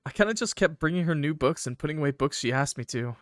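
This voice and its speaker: A man's voice: on the high side, expressive, fast, no room sound, clean studio sound. A young man doing casual game commentary as a streamer, joking, laughing often and talking to his chat. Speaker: gaming streamer.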